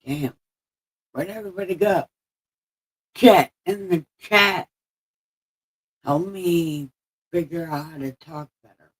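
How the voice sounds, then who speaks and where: A woman hosts a casual livestream, talking slowly in a husky voice. She rambles playfully and circles back to the same phrases, with easy laughter between them. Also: on the low side, rough recording. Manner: playful, rambling, repeats herself, laughs often. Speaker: livestream host.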